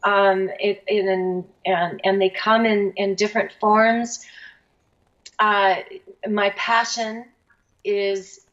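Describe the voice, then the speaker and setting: A woman's voice: medium pitch, flat delivery, slow, fairly bright tone. A woman guest artist in an interview, talking casually and hesitantly while she searches for words. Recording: dull, lo-fi sound.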